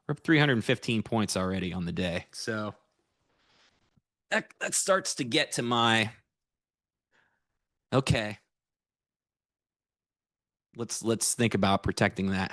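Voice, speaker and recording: An American futures trader streams live, rambling easily through a review of his trades while chatting with viewers. His voice is fairly low and a bit bright, captured dry with studio-quality sound.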